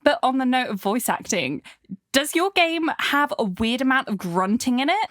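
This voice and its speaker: A woman's voice: high voice, lively intonation, normal speed, fairly bright tone, no room sound, studio quality. A woman guest on a podcast, telling playful gaming stories with laughter. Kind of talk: casual podcast chat.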